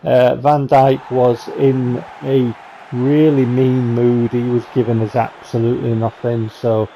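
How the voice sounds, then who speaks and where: A man talks casually over game highlights in a chatty, rambling, wry way. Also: little pitch movement, a little slow, dull audio, slight background noise. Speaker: gaming channel host.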